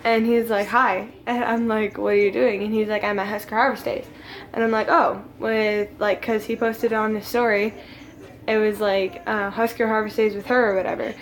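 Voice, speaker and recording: A woman's voice: mid-range voice, little pitch movement, normal speed, slight background noise. A teenage girl telling a story to camera at a friend's home, rambling with lots of "like" fillers and laughing. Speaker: vlogger. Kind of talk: casual storytime.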